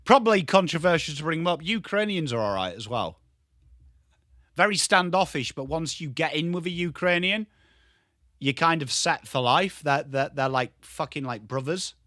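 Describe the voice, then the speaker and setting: An English man hosting a live football watchalong, chatting with his viewers and swearing casually while he calls the play and shouts at big moments. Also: on the high side, lively intonation, moderate pace, no room sound, clean studio sound. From England. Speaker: livestream host.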